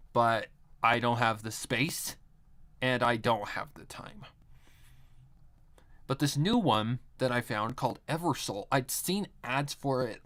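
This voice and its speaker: A man's voice: medium pitch, a bit bright. Rambling man chatting casually on stream. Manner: rambling, fillers of "like", frequent swearing. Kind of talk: casual live-stream chat.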